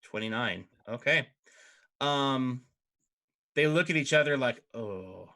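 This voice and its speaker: Bright-voiced man narrating as dungeon master. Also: mid-range voice, a little slow. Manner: animated, laughs through narration. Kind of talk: narrating a tabletop game.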